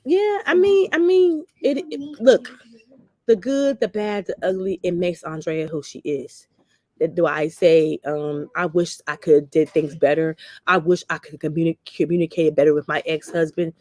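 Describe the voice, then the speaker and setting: A woman with a fairly low, darkish voice speaks at normal speed in clean studio sound with no echo. Hosting a talk show, she tells personal stories bluntly and animatedly, with a salty edge, slipping into the voices of the people she quotes.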